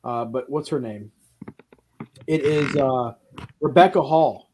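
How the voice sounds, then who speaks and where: A man hosting a casual film podcast, talking in an animated way with quick asides and a lot of swearing. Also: mid-range voice, a little hiss or hum. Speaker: podcast host.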